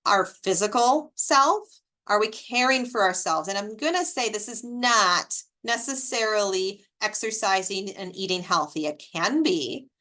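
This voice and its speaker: Bright-voiced chatty woman presenter. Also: medium pitch, unhurried. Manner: chatty and animated, with personal anecdotes and rhetorical questions. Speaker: extension educator presenting a caregiving webinar. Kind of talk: informal educational presentation.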